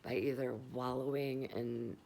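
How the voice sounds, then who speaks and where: A woman's voice: a bass voice, flat delivery, a little slow, creaky, a little mellow, a little hiss or hum. A middle-aged woman talking candidly and rambling in a confessional vlog, swearing freely while stoned. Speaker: vlogger.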